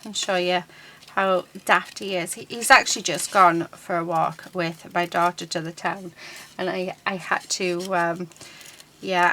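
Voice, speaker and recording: A chatty middle-aged woman talks through her crafting at her desk with a bright, forceful voice that sits a little low. She rambles along, full of ums, and a faint hiss runs underneath. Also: low-quality recording. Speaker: crafting channel host. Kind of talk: casual crafting chat while working.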